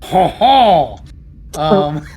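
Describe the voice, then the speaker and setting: A man tabletop player introducing himself casually, halting with many pauses and "uh"s. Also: fairly high pitch, sing-song, a little mellow, husky, low-quality recording.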